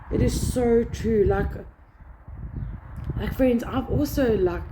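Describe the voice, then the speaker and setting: A woman's voice: mid-range voice, creaky, warm tone, slight background noise. A woman giving a casual devotional talk, earnest and emphatic, repeating key words. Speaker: Christian vlogger.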